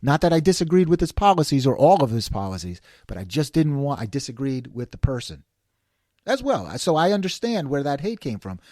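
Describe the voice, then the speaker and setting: A man's voice: on the high side, a little fast, dry recording, clean studio sound. A man in his forties, a host delivering a sarcastic, ranting monologue. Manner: sarcastic, animated.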